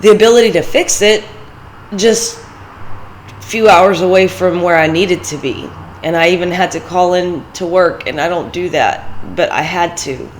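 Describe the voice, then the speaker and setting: A woman's voice: lowish voice, normal speed, a little hiss or hum, rough recording. A woman hosting a vlog, talking casually and motivationally, telling stories and laughing often. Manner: chatty storytelling, laughs often. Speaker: vlog host.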